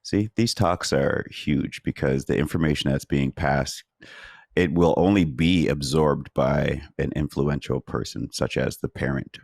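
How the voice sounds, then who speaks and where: A man co-hosting a podcast, asking questions and affirming his guest in a relaxed way. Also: extremely low pitch, a little slow, gravelly, no room sound, clean studio sound. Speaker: podcast co-host. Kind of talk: casual chat.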